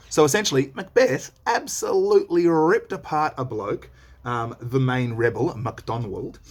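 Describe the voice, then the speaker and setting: A man teaching a read-along lesson, reading lines aloud and explaining them in a chatty, slangy way. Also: a little high.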